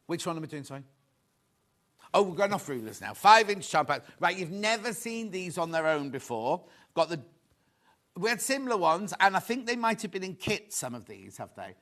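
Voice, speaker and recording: Male shopping-channel host, slightly high, very lively pitch; chatty, rambling, excitable. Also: moderate pace. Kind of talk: live selling chat.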